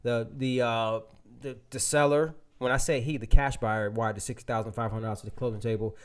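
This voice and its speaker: A man presenting a real estate webinar, telling a casual, animated story full of restarts and fillers to his audience. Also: medium pitch, brisk, clear, resonant tone.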